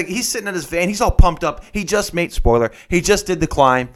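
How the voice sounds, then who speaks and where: A man with a slightly high voice, chatting casually. He tells the story with energy and drops into different voices for the people he quotes. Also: a little fast, few pauses. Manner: animated storyteller who acts out quotes in shifting voices. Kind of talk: casual chat.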